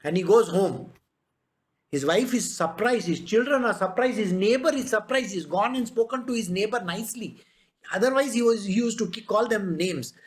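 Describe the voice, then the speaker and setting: High-voiced man preaching emphatically. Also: moderate pace. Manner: emphatic, rhetorical questions, storytelling. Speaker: spiritual teacher. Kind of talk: spiritual discourse.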